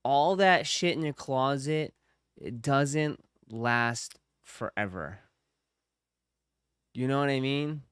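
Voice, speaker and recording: A man's voice: medium pitch, takes it slowly, long pauses, fairly bright tone, clear, resonant tone, dry recording, clean studio sound. A man hosting a reaction video, giving blunt, laid-back remarks in a casual way. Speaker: reaction host.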